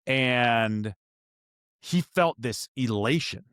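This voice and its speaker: A man of middle pitch speaks in a casual, self-questioning way, often restarting his sentences as he works through a memory. The sound is dry and close, with no room echo. He is a podcast host sharing his own story with a guest. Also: animated, very slow, a bit bright, smooth. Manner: candid, self-reflective, many restarts.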